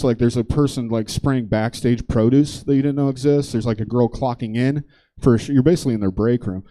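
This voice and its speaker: A man's voice: medium pitch, warm tone. Casual profane man telling a stand-up story. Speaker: stand-up comedian. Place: comedy theater stage.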